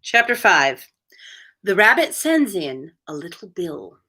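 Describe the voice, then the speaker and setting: A woman hosting a relaxed read-aloud, mixing narration with chatty commentary. Her voice is bright and crisp. Her pitch moves a lot, giving an animated lilt. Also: slow. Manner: chatty, laughs at her own asides. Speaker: host reading aloud.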